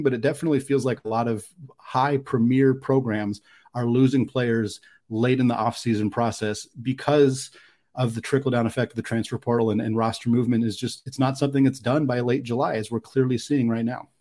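A man's voice: mid-range voice, steady tone, brisk, darkish tone. A man co-hosting a casual sports podcast, thinking aloud in a musing way with a lot of likes and restarts. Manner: thoughtful, musing, many fillers. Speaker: podcast co-host.

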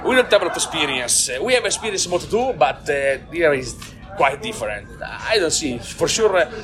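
An Italian man, a team manager, speaking in halting, broken English with many restarts and frequent laughs in a post-race interview. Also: on the high side, big pitch swings, over music.

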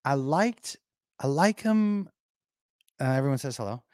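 A man's voice: mid-range voice, animated, a little slow, darkish tone, no room sound, studio quality. A man hosting a livestream in casual chat, rambling and thinking aloud to his viewers. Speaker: livestream host.

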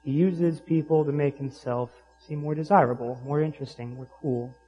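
A man's voice: fairly high pitch, a little fast, breathy edge, dull audio, soft background music. A man preaching a sermon, retelling a story and then putting pointed questions to his listeners. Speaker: pastor.

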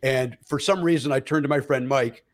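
A man, a comedian, telling stories in a casual podcast chat, with loud acted-out quotes, many fillers and restarts, and frequent laughter. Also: medium pitch, moderate pace. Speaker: comedian guest.

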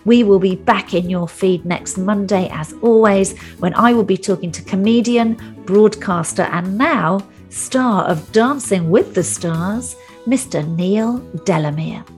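A woman's voice: medium pitch, measured pace, a little mellow, faint music behind. A woman hosting her own podcast, reading a scripted segment with chatty, self-deprecating asides. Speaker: podcast host.

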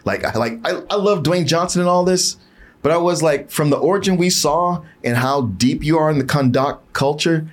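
A man chatting casually about a movie he saw, animated and laughing, acting out his own reactions. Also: a little high, normal speed. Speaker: co-host. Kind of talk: casual movie review chat.

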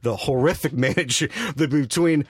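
A man from New Jersey talking sports in a halting, rambling way. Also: mid-range voice, breathy edge, no room sound, clean studio sound. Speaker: sports analyst. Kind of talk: casual sports talk.

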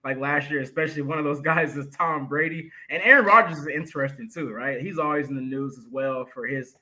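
Casting: male co-host, somewhat high, bright tone, relaxed chatty sports talk. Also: a little fast, low-quality recording. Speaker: podcast co-host. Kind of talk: casual sports podcast chat.

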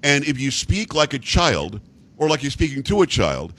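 A man's voice: fairly high pitch, big pitch swings, fairly quick, fairly bright tone. A man hosting a talk radio show, bantering with a teasing, mock-indignant manner.

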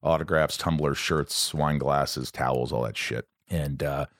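Low-voiced male podcast host, rambling, profane, casual chat; dry close mic. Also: unhurried, dry recording. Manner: rambling and profane, with sudden high excited bursts.

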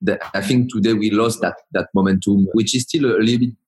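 A man in his forties speaking with a strong French accent, his voice sitting low. He talks in a halting, searching way, full of fillers and restarts, as a guest on a podcast. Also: steady tone, darkish tone, slightly rough, poor audio. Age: 40s. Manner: hesitant, many restarts and fillers. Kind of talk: casual interview talk.

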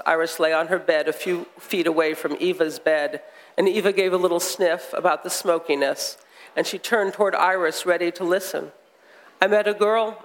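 An American author, a man, reading a passage aloud with measured, wry storytelling, then chatting onstage. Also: high-pitched, gravelly, a bit bright. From United States. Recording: long hall reverb.

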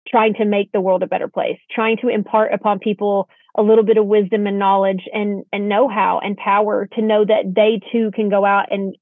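A woman's voice: medium pitch, no echo. A woman co-hosting a podcast, speaking in a heartfelt, grateful way and laughing easily in casual chat. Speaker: podcast co-host. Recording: dry tinny phone-like line.

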